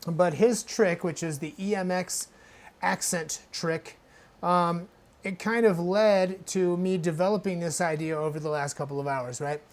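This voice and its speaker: A man's voice: sits high, fairly even intonation, unhurried. A man hosting a casual hardware music tutorial, talking in a loose, chatty way and often checking in with "right?".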